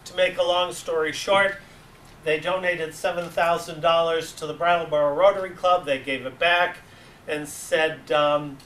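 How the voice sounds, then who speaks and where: A man's voice: on the high side, moderate pace. A man with a New England accent giving a storytelling presentation to a meeting, acting out voices in his anecdotes. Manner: animated, acts out voices in anecdotes. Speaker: club advisor giving a talk. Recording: echoey room, distant mic, faint hiss.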